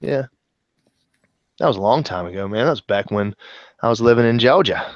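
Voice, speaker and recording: A man's voice: fairly low pitch, animated, a little fast, dry recording. Laid-back podcast guy joking around, kinda muffled dull audio, dry. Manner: easygoing, jokey, chimes in with laughs. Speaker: podcast co-host. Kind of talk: casual chat.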